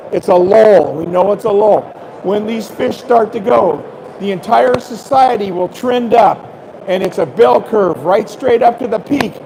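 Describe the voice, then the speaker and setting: An older man, a fishing guide, telling lively fishing stories to a live expo crowd and acting out the dialogue. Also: sits high, slight background noise, low-quality recording. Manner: animated storyteller, acts out dialogue, coughs and clears throat. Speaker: fishing guide giving a seminar. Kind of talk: storytelling talk at a fishing expo. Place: expo hall stage, live audience.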